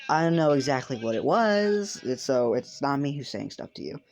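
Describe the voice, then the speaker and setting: A courteous, unhurried school principal, as a fan storyteller puts him on, speaking a little higher than an ordinary voice. The delivery stays measured and polite. Soft music plays faintly underneath. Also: sing-song.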